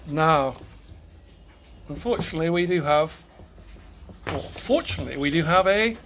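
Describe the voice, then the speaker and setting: A man teaching a grammar lesson to a class, halting, repeating words and correcting himself as he goes. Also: a little high, expressive, a bit bright, a little hiss or hum.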